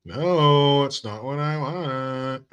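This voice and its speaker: Male commentary host; blunt, profane, rambling delivery with a bright, forceful tone. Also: medium pitch, very slow, clear, resonant tone, highs cut off. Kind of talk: opinionated talk-show commentary.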